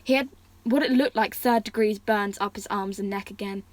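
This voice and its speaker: A woman with a medium-pitched voice reads a fantasy story aloud at normal speed over poor audio. She gives characters' lines stronger feeling and sometimes slips, restarting words.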